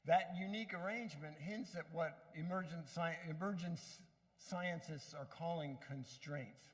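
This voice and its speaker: A man's voice: on the high side, big-room sound. A man giving a reflective, earnest talk on science and wonder, with casual asides and self-corrections. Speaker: speaker on science and meaning.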